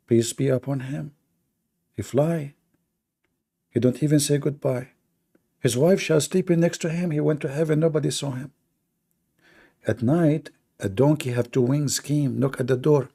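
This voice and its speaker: Mocking debate host, mellow higher voice. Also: male voice. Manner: mocking, sarcastic, with non-native broken grammar. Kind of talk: combative live debate talk.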